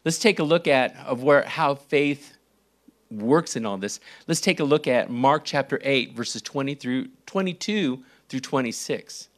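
A male preacher teaching from the Bible at a slow, unhurried pace. His delivery is deliberate, dropping low and quiet, then rising sharply for emphasis. Rhetorical questions break up the verse readings. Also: expressive. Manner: slow and deliberate, with dramatic swings in pitch and volume; reads scripture verses aloud and asks rhetorical questions. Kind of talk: sermon teaching.

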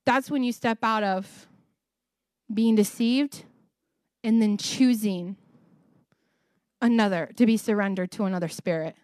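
A woman's voice: medium pitch, unhurried, long pauses, darkish tone, no echo, clean studio sound. A woman sharing a personal faith testimony in an emotional, earnest way, often repeating phrases for emphasis. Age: adult, married ten years.

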